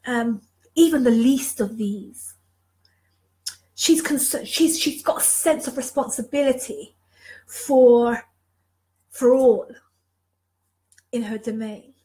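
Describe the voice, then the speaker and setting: In a motivational live talk to viewers, a woman leadership mentor speaks with emotion and passion, visibly moved and leaning on repeated phrases for emphasis. Her high-pitched voice has a slightly mellow touch, heard through a rough recording.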